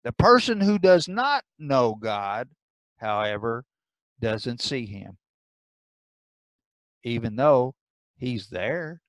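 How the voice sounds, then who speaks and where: A man teaching a church Bible class, deliberate and repeating his key lines for emphasis. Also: mid-range voice, sing-song, no room sound, studio quality. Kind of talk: Bible lesson.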